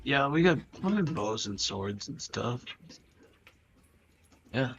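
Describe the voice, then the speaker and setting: A woman's voice: extremely low pitch, animated, takes it slowly, a little hiss or hum, voice pushed down, exaggerated voice. Woman as a cocky bandit gal guarding camp, mocking and brash, muffled audio. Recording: dull lo-fi audio.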